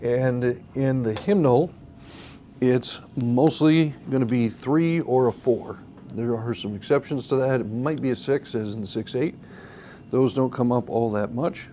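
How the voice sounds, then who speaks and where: Patient male instructor with a mellow tone, faint background hiss, teaching a class. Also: medium pitch, measured pace. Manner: patient, explains step by step, asks the class questions. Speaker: song leading teacher. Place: church classroom.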